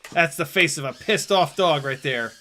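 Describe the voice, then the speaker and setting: A man vlogging as he flies a small drone, talking to himself in casual commentary with quick exclamations and the odd swear word. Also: fairly high pitch, sharp tone, slight background noise. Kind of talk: casual commentary while flying.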